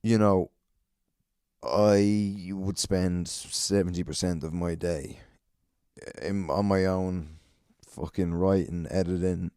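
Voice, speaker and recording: A man's voice: low voice, fairly even intonation, takes it slowly, mellow, clean tone, no echo, studio quality. An Irish man hosting a solo podcast, rambling and swearing a lot, self-mocking and a bit out of breath. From Ireland. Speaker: podcast host.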